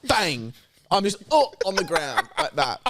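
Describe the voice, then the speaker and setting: A young man, co-hosting a podcast, telling a story in casual chat, animated and sweary, acting out other people's lines. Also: sits high, a little slow, vocal fry, crowd noise. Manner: animated, sweary, acts out quotes. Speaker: podcast co-host.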